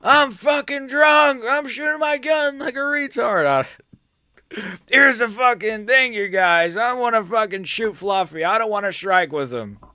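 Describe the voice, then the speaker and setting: A man doing a raised, rowdy impression of a drunk man shooting a gun wildly, loud and crude. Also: extremely high pitch, unhurried, clear, resonant tone, dry recording, clean studio sound, pitched above the performer's own voice, full character voice.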